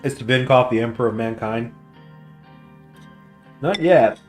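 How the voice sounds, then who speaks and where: A man's voice: medium pitch, measured pace. A man hosting a strategy game let's play, reading game text aloud in a chatty way and stumbling over foreign names. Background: faint guitar music.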